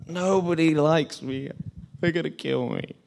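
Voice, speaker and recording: A man's voice: unhurried, creaky, a little mellow, slight background noise. A man voicing a frightened, self-pitying prophet who whines and pleads in a raised voice. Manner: whining, pleading, high-pitched.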